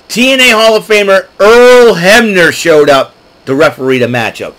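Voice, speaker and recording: Chatty, excitable man recapping. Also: sits high, moderate pace, rough recording. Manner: chatty, excitable, clears throat often. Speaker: podcast host. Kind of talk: casual solo recap.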